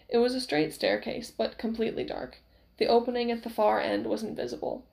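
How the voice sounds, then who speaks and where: Expressive woman reader for a novel, a touch high, gravelly texture. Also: brisk, rough recording. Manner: expressive storytelling. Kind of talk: reading a novel aloud.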